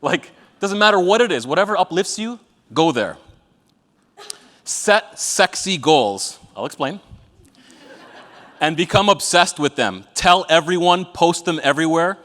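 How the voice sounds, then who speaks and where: A man's voice: on the high side, lively intonation, measured pace, long pauses, a bit bright. A man giving a live motivational talk to an audience, blunt and profane, telling jokey stories. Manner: blunt, profane, joking storyteller. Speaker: motivational speaker. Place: event venue with an audience. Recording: reverberant event hall.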